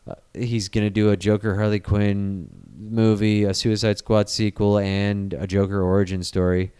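A man chatting casually on a podcast, animated and sarcastic, with profane banter and quick mock voices. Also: on the low side, smooth.

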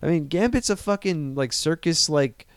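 Animated, profane man chatting. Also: fairly high pitch, moderate pace, clean tone, dry recording, studio quality. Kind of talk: casual chat.

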